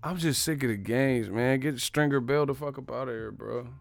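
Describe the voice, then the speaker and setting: A man's voice: medium pitch, normal speed, gravelly, no echo. A man hosting a live stream, riffing on chat with profane, laughing commentary.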